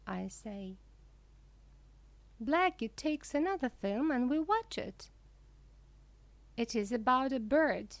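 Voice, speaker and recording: A woman reads a children's story in a slow, careful way for beginner learners. Her voice is fairly high and swings widely in pitch. The sound is close and dry. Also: no echo. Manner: clear, deliberate reading with lively pitch. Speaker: reader.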